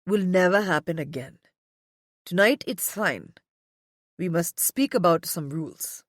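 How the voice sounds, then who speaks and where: A woman voicing a stern, commanding man who speaks slowly and gives curt orders in an audiobook. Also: lowish voice, expressive, no echo, clean studio sound, pitched below the performer's own voice. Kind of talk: audiobook character voice.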